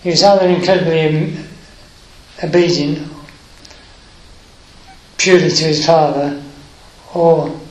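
A man's voice: fairly high pitch, steady tone, a little mellow, reverberant, poor audio. A man preaching a sermon, reading scripture aloud and explaining it with hesitant fillers, moved by the story. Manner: unhurried, emotional, with hesitant fillers.

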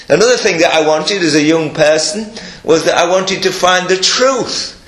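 An older man preaching a sermon, earnest and emphatic, breaking into soft chuckles and restarting his sentences. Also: on the high side, normal speed, hardly any pauses. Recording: echoey room.

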